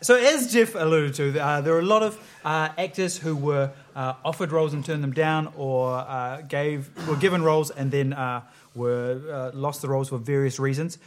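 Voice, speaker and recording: A man's voice: fairly high pitch, normal speed, hardly any pauses, a little hiss or hum. Good-humoured man hosting a quiz. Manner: loose, filler-heavy, good-humoured. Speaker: quiz host. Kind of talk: hosting a comedy panel game.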